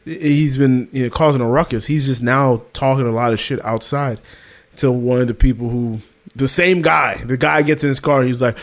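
A man's voice: medium pitch, brisk. A man telling a story in casual chat, acting out the dialogue with exasperated outbursts.

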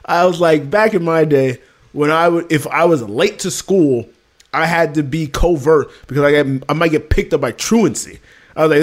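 A man's voice: fairly high pitch, moderate pace. A man telling a story in casual chat, acting out the dialogue with exasperated outbursts.

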